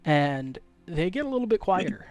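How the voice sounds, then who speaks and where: A man's voice: high voice, big pitch swings, normal speed, a little mellow, no room sound, faint music behind. A young man narrating as game master for a tabletop game, in a casual way with many fillers.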